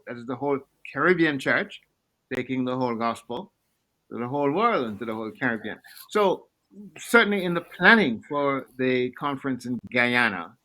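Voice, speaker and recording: A man speaking as a panelist on a video-call webinar, answering earnestly and inviting people warmly, with many fillers. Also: mid-range voice, rough recording.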